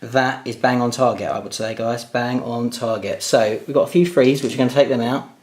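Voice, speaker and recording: A man's voice: medium pitch, fairly even intonation, brisk, a little mellow. A man talking viewers through his tabletop wargame dice rolls, addressing them as guys. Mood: eager. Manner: talks to viewers as guys, hopeful and tense over rolls. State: tired late at night. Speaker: wargame player and channel host. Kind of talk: excited dice-rolling commentary to viewers.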